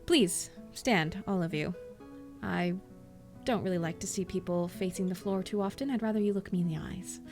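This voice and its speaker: A woman's voice: on the low side, normal speed, darkish tone, soft background music, lightly acted. A woman doing a composed, regal queen. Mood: gracious. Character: composed regal fairy queen, kind but stern.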